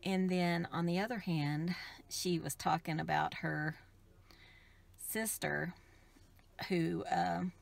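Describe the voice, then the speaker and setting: A middle-aged woman from the United States, telling an emotional personal story in a soft, rambling way with many restarts. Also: fairly low pitch, vocal fry. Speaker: craft vlogger.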